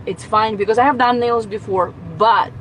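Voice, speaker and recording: A woman's voice: a little high, steady tone, moderate pace, a little hiss or hum, low-quality recording. A woman ranting into her phone camera from inside a car, exasperated and swearing. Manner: exasperated, swearing, rising to outbursts. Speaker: nail tech venting as a customer. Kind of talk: casual rant to phone camera.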